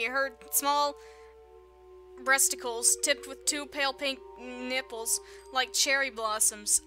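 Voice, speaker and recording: A woman's voice: high voice, fairly even intonation, takes it slowly, over music. A woman reading a visual novel's text aloud with joking, sarcastic commentary, often laughing.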